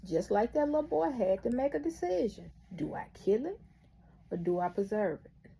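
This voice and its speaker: A woman storyteller with a high, lively voice that swoops between phrases. She talks slowly and with animation, adding preacherly exclamations. Her voice is husky and gravelly. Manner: animated, laughing through the story. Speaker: motivational storyteller. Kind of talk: storytelling with a moral.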